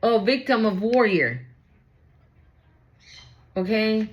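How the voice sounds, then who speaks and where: A woman's voice: on the high side, lively intonation, slow, muffled recording. A woman giving a casual tarot reading, talking straight to her viewers. She is blunt and swears freely. She drives each point home by repeating it and tagging on "right?". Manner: blunt and profane, repeats phrases for emphasis; asks "right?" again and again. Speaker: tarot reader.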